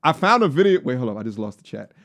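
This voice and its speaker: A man's voice: medium pitch, very animated, fast talker, a bit bright, dry recording. A man from Long Island in his thirties with a faint New York accent, chatting loosely and jokingly as he reacts to a video on stream. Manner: loose, joking, slangy, breaks into song. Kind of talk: casual reaction-stream chat.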